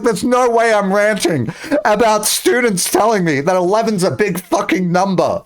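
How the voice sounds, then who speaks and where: A young man chatting casually on a live stream, rambling and joking with bursts of excitement. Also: high voice, moderate pace.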